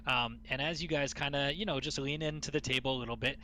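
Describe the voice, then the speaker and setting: A man narrating a tabletop game as game master, halting and full of restarts. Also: mid-range voice, steady tone, bright, forceful tone, slight background noise.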